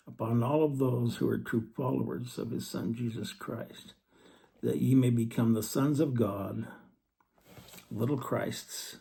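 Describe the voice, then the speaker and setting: A man giving an earnest scripture study talk, reading verses slowly and then explaining them. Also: mid-range voice, creaky, dark tone. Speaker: religious teacher.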